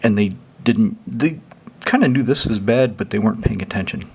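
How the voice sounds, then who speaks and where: A man's voice: fairly low pitch, animated, normal speed, gravelly, darkish tone, slightly rough. A man hosting a casual deck walkthrough, rambling loosely and swearing freely. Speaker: deck-building channel host.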